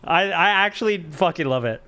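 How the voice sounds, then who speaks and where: High, lively young man streaming. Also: normal speed. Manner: rambling, filler-heavy storytelling with swearing. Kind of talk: casual live-stream chat.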